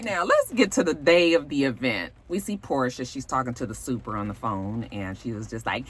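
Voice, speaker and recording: A woman's voice: sits low, sing-song, moderate pace, fairly bright tone. A young adult woman giving a blunt, gossipy recap of a reality show, full of asides and swearing. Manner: sassy, blunt, gossipy, with frequent asides and profanity. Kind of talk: casual recap commentary.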